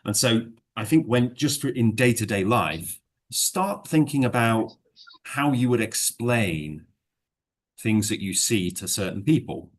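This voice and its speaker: A man teaching English one-to-one in a relaxed lesson chat, rambling and hedging with many fillers, then explaining through worked examples. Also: medium pitch, measured pace.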